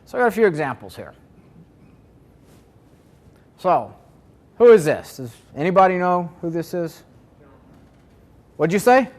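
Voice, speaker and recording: A man's voice: high voice, very animated, a little slow, pauses often. Man presenting a seminar to a live audience. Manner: conversational, asks the audience questions.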